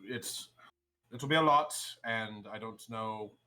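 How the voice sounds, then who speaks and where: A man's voice: on the low side, slow pace, sharp tone, full character voice. A man playing a wry, apologetic young male adventurer who rambles and laughs as he talks, in a tabletop role-play. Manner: rambling, laughs between words.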